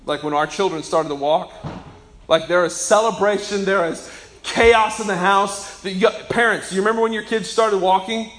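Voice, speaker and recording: A man preaching a sermon as pastor, emphatic and swinging between loud declarations and soft asides. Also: high-pitched, steady tone, normal speed.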